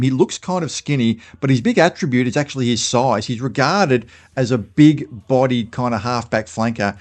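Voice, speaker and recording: A man's voice: medium pitch, a little mellow. An Australian man talking casually as host of a fan channel, thinking aloud with fillers and restarts. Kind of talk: casual spoken commentary.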